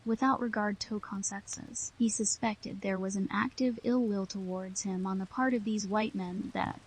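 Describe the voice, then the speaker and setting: A woman narrating a classic novel in the first person, with a steady, somber reading. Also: medium pitch, moderate pace, breathy edge, poor audio. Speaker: audiobook narrator.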